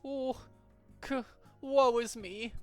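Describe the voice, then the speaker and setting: A man playing Don Quixote, high and grandiose. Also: fairly even intonation, very slow, darkish tone, smooth, soft background music, heavily acted. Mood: mournful. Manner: old-fashioned grandiose phrasing, exclamatory. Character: theatrical knight-errant man, grandiose and archaic.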